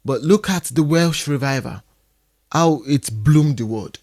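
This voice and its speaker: Man giving measured answers as a guest. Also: on the high side, darkish tone. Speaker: podcast guest. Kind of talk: faith podcast interview.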